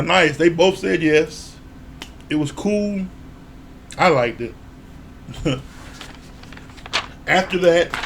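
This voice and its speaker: Man, slightly high voice, casual reality show recap, slangy, swears, chuckles. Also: slight background noise. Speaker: reality TV reviewer.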